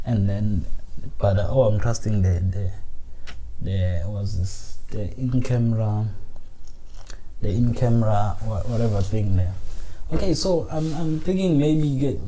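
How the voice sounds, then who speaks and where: A man's voice: fairly low pitch, moderate pace, dark tone, a little hiss or hum, rough recording. A man hosting a casual solo podcast, talking into his phone in a frustrated, rambling way, swearing and restarting his sentences. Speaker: podcast host. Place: small room, indoors.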